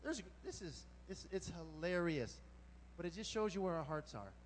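High-voiced man preaching in a reverberant hall. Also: moderate pace, slight background noise. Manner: animated, colloquial, exclaiming. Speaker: pastor. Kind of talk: sermon.

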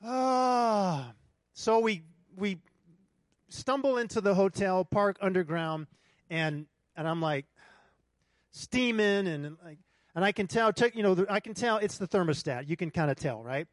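A man preaching a sermon to a congregation, telling a lively personal story and asking the room for responses. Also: high voice, measured pace, no room sound, studio quality. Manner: animated storytelling, talks to the congregation. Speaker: pastor. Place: church hall with congregation.

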